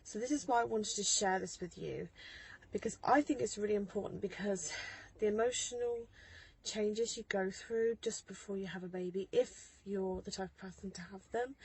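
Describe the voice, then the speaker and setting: A woman's voice: medium pitch, normal speed, a little mellow, husky, low-quality recording. A woman in her thirties talks into her phone from a parked car in a casual vlog, chatty and rambling with many ums and laughs. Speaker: mother vlogger.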